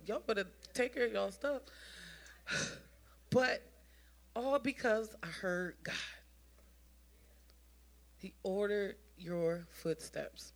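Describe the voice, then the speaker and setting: A woman with a slightly high voice delivers an informal sermon, animatedly sharing a personal testimony. She addresses the congregation directly and often repeats and restarts her phrases.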